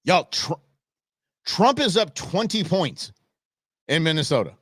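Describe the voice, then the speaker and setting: A man's voice: a little high, very animated, measured pace, fairly bright tone, breathy edge, no echo, clean studio sound. A man hosting a live election-night stream, rambling through casual, jokey commentary with lots of restarts and asides. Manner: jokey, opinionated banter.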